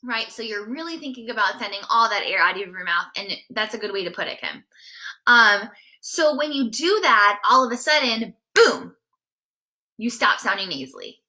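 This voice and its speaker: A woman with a bright, ringing voice, pitched a little high, gives a live singing lesson. She talks in a chatty, encouraging way and keeps checking in with her viewers. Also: animated, moderate pace. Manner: demonstrates sighs and nasal sounds mid-explanation. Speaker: singing teacher.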